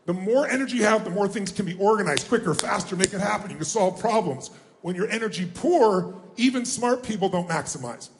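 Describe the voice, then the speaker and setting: A man giving a motivational seminar, rallying a live audience with questions and call-and-response, often shouting. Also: high-pitched, lively intonation, a little fast, a little hiss or hum. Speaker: motivational speaker. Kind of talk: live seminar address to a crowd. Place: large event hall with a live audience. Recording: echoey hall, faint ambience.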